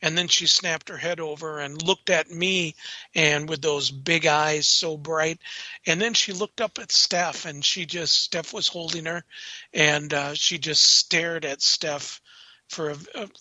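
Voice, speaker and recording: A man hosting a radio show, chatting in a blunt, conversational way and talking in quick bursts. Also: fairly high pitch, fairly even intonation, sharp tone, dry recording, dull audio. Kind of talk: casual radio chat.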